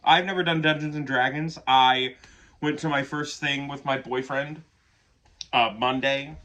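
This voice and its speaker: A man's voice: mid-range voice, steady tone, measured pace, bright, forceful tone. A man giving casual reaction commentary on an album, gushing and chatty, who swears casually and keeps yawning. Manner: yawns often. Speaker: music reaction youtuber.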